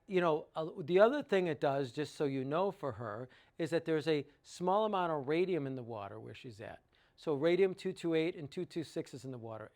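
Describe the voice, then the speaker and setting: A man with a voice on the high side gives an informal sales talk about water treatment. He works through sums out loud with enthusiasm, tossing in rhetorical questions.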